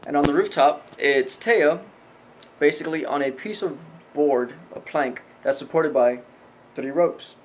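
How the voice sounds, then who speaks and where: A man's voice: fairly high pitch, measured pace, dull audio, a little hiss or hum. Man casually rambling through an episode recap. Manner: rambling, filler-heavy retelling with loose quoted lines. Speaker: anime episode reviewer.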